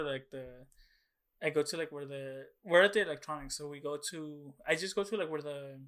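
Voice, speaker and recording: Rambling, excitable young male podcast co-host. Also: fairly high pitch. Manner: rambling storytelling full of fillers and swearing, acting out his own past reactions. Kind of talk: casual chat.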